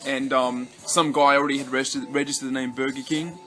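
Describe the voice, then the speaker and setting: Here the young Western Australian vlogger sounds medium-pitched, a bit bright and slightly fast, with flat delivery. His casual chat rambles, full of swearing, restarts and fillers.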